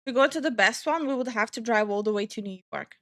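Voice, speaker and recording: A woman's voice: fairly high pitch, fast, pushed and bright. A young woman streaming live from New Jersey, reading chat aloud, who stutters and swears freely while reacting to her viewers. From New Jersey, USA.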